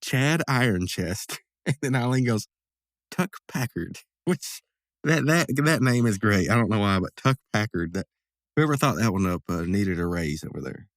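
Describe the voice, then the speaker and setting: A man's voice: lowish voice, animated, normal speed, no room sound, clean studio sound. A man casually recapping an episode as a podcast host, rambling with lots of fillers and asides.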